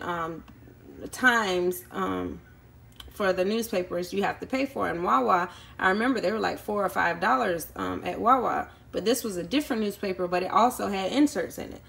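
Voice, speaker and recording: A woman's voice: mid-range voice, vocal fry, a bit bright. A woman vlogging casually at home, telling a long story with lots of ums and acting out the people she met. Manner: chatty, many ums, acts out quoted people. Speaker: YouTube vlogger. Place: indoors at home.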